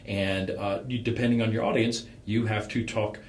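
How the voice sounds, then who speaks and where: A man with a fairly low voice critiques a startup pitch in a relaxed, rambling way, leaning on fillers. His voice carries a noticeable room echo. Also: normal speed, a little hiss or hum. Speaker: pitch coach. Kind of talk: conversational critique.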